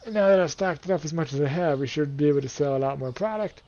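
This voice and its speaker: A man's voice: fairly high pitch, fast talker, mellow, dull audio. A man giving playful, casual commentary over a game, counting and thinking aloud to himself while he keeps yawning. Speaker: let's play gamer.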